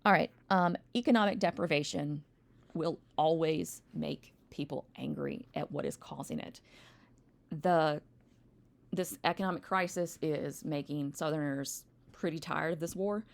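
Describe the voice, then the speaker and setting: Wry, rambling woman teacher, low gravelly voice. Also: unhurried. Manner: rambling, wry asides, frequent ums. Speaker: history teacher. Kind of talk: recorded classroom lecture. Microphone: home recording, textbook open nearby.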